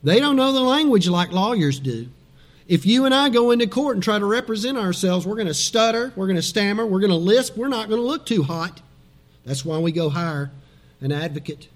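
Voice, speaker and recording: A man preaching a sermon as pastor, animated and dramatic, dropping suddenly soft for emphasis. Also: sits high.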